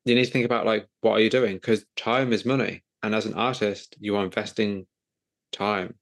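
A man's voice: lowish voice, steady tone, fairly quick. A man hosting an interview podcast, chatting casually in rambling, self-correcting runs. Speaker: podcast host.

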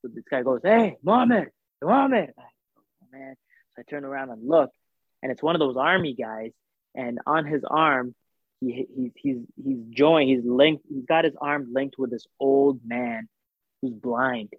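A man telling a story in casual chat, animated, acting out the voices of the people in it, with lots of fillers. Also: medium pitch, moderate pace, no echo. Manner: animated, acts out quoted voices, filler-heavy. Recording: tinny phone-like sound.

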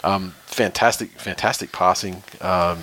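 A man's voice: low-pitched, steady tone, a little slow, sharp tone, slight background noise. A man chatting casually about football, rambling and swearing a lot and laughing often. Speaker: podcast co-host. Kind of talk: casual sports chat.

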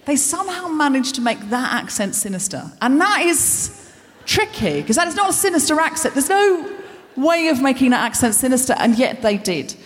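A woman hosts a live comedy show in a large concert hall, delivering a self-deprecating stand-up monologue packed with rambling asides to the audience. Her high voice swings widely in pitch at a normal speed.

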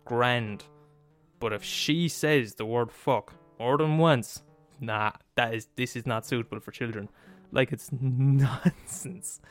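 Male podcast host, mid-pitched, sweary comic rant with faint guitar music underneath. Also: a little slow, fairly bright tone. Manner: profane, emphatic, laughs at his own points. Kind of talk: comedic rant.

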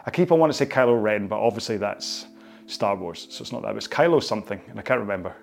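This is a Scottish man leading a stretch class as he chats loosely and pokes fun at himself. His voice is gravelly and low at the edges, and he laughs often. Faint music plays in the background. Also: lively intonation, fast. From Scotland. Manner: chatty, self-mocking, laughs often, goes off on tangents. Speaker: fitness instructor. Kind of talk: rambling casual stretch-class talk. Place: indoors, on the floor while stretching.

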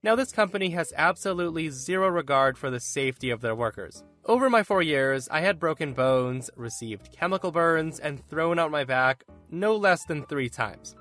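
A man hosting a podcast, reading stories aloud in an animated storytelling way. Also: moderate pace, hardly any pauses, faint music behind. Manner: animated storytelling with lively pitch.

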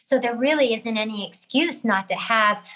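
Female actress guest, somewhat high pitch, candid and reflective, casual interview chat. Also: normal speed, pushed and bright, poor audio.

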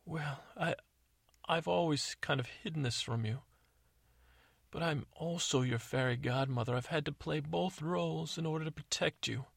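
A man's voice: fairly high pitch, creaky, a bit bright, breathy edge, dry recording, pitched above the performer's own voice, full character voice. A man putting on a scheming stepmother's sweet voice. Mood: sweetly pleading. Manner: drawn-out, self-pitying, mock-tender. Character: scheming stepmother, also fairy godmother, theatrical.

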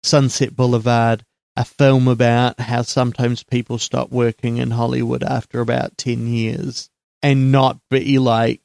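A man hosting a casual film podcast, chatty, with quick asides and jokes. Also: mid-range voice, little pitch movement, gravelly, a little mellow, no room sound, clean studio sound. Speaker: podcast host.

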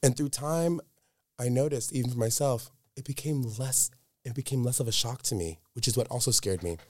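A man's voice: mid-range voice, a little fast. A man speaking as an interview guest, telling a candid personal story in an earnest, emphatic way and repeating words for stress.

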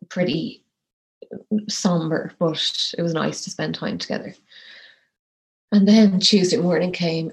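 A woman in her thirties tells a personal story as an interview guest, slowly and haltingly, with many pauses and fillers. Her voice sits low and carries a creaky, gravelly edge. She sounds close to tears. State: tearful. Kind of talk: emotional personal account.

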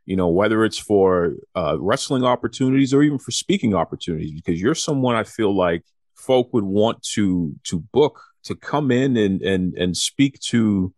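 A man hosting an interview, admiring and halting, often repeating words as he asks his guest questions. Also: lowish voice, lively intonation, a little mellow, dry recording, clean studio sound. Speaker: podcast host.

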